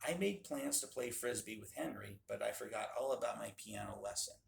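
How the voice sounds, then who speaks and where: A man voicing an excitable little girl in a storybook reading, in an echoey room. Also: fairly low pitch, fairly quick, gravelly, a little hiss or hum. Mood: eager.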